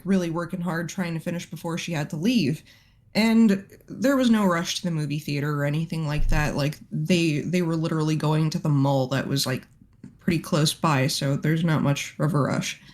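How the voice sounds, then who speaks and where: A woman's voice: on the low side, a little mellow. A woman, an art teacher, casually telling a story to friends, chatty and swearing freely with lots of fillers.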